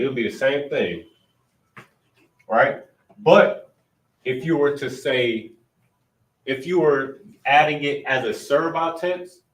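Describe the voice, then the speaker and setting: A man's voice: medium pitch, fairly bright tone. A man teaching an informal class, patiently explaining step by step and thinking aloud. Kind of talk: informal Hebrew grammar class. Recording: roomy, distant mic.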